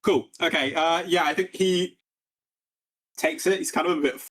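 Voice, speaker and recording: A man's voice: a little high, steady tone, normal speed, a bit bright. A man running a tabletop game as game master, rambling and laid-back with many fillers.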